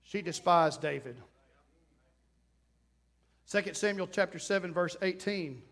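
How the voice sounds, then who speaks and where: A pastor with a drawl delivers a lively sermon. His voice sits very high for a man. He keeps slipping into acted-out voices and little scenes to make his point. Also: measured pace, vocal fry. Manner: animated, acts out voices and scenes.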